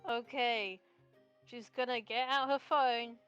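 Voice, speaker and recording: A woman's voice: a little high, steady tone, slow pace, a bit bright, smooth, muffled recording, faint music behind. A woman playing in a tabletop game, chatting in a blunt, joking way. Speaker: player. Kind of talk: casual chat during a tabletop game.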